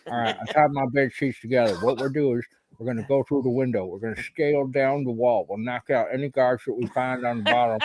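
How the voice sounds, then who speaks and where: A brash, profane cartoon ringleader, voiced by a man, in a mid-range voice. He barks orders in a gruff, commanding way. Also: medium pitch, fairly even intonation, a little fast, hardly any pauses, close to an everyday voice. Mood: bossy. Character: brash foul-mouthed male escapee, bossy. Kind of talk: adult cartoon voice acting.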